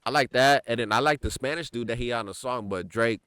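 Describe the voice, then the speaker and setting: A man's voice: medium pitch, fast talker, fairly bright tone, clear, resonant tone, dry recording, studio quality. A young man co-hosting a podcast, talking music in a laid-back, slangy way with lots of "like" and "bro". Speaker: podcast co-host. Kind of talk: casual chat.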